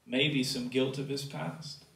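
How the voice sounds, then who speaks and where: A man preaching a sermon as pastor, swinging from loud emphatic rises to quiet low asides. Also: fairly even intonation, slow pace, gravelly, echoey room, recorded from a distance. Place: church sanctuary.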